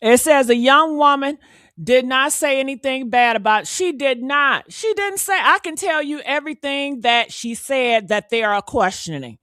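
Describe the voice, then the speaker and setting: Sassy woman with going off on her live, high bright voice, dry sound. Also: animated, normal speed, dry recording. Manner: fired-up, sassy, calls viewers honey and baby. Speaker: live stream host. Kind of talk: ranting live stream commentary.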